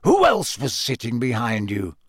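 A man's voice: mid-range voice, wildly swooping pitch, husky, no room sound, clean studio sound, exaggerated voice. A man reading aloud, voicing a grave, brooding adult man who mutters thoughtfully in a storybook. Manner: muttering, measured.

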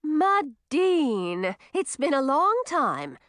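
Woman doing a gentle witch aunt. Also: high-pitched, big pitch swings, very slow, no echo, studio quality, voice pushed up, heavily acted. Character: kind adult witch aunt.

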